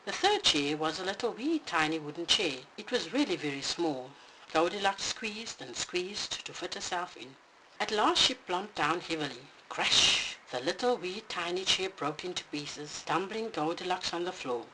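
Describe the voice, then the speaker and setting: Bedtime storybook narrator, lively expressive pitch, faint hiss behind. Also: moderate pace.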